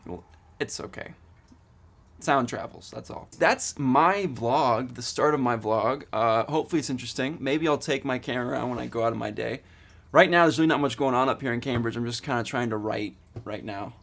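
A man's voice: mid-range voice, fairly quick, gravelly, a bit bright. A man in his twenties vlogging casually, rambling eagerly with lots of fillers and restarts. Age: 20s. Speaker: student vlogger. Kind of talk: casual vlog.

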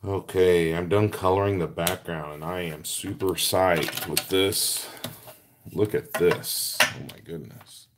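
A man's voice: deep voice, takes it slowly, a bit bright, a little hiss or hum. A man hosting a card-making livestream, chatting casually while he works and answering viewer comments by name. He is earnest and gushing, and he talks through each step as he does it. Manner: talks through his hands-on steps.

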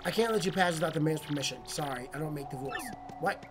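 A woman's voice: deep voice, fast, over music, voice pushed down, close to an everyday voice. A woman reading as a stern gate guard. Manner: reading game dialogue aloud.

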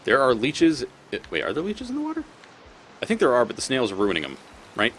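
A man's voice: medium pitch, wildly swooping pitch, quick pace, fairly bright tone, a little hiss or hum. A man giving casual gameplay commentary as a let's play host; he swears often and talks back at the creatures on screen.

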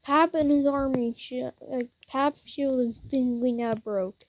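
A young gamer giving rambling let's-play commentary who often restarts sentences and breaks into excited bursts. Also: high voice, a little slow, a little hiss or hum. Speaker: gamer narrating his own play.

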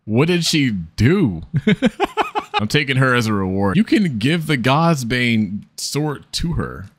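Joking, lively-voiced man at play. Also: medium pitch, takes it slowly, no room sound. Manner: joking, profane, laughs often, talks to viewers. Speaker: gaming video creator. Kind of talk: casual gameplay commentary.

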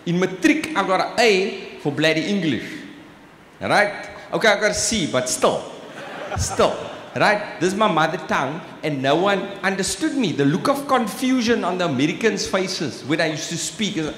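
A Cape Town man with a South African accent does live stand-up on a stage in a large exhibition hall, chatty and often asking "right?" or tossing in "bruh." His high voice has lively intonation, normal speed, and a slightly bright tone with a little hiss or hum. The recording carries the echo of the live hall and faint ambience.

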